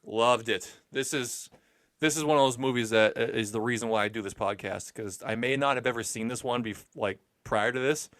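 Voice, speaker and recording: A man's voice: mid-range voice, a little fast, fairly bright tone, dry recording. A man co-hosting a casual movie podcast, eager and emphatic with teasing asides. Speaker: podcast co-host.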